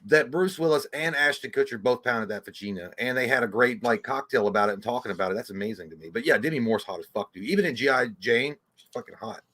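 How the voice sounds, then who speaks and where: A man's voice: mid-range voice, lively intonation, quick pace, pushed and bright. A man co-hosting a casual live movie stream, talking crudely with lots of swearing and jokey rants. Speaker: podcast co-host.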